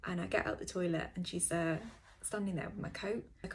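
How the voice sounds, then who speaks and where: A woman's voice: on the low side, normal speed, a little mellow. A British woman in her late twenties telling a casual storytime and acting out both sides of the talk. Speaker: storyteller in a TikTok clip.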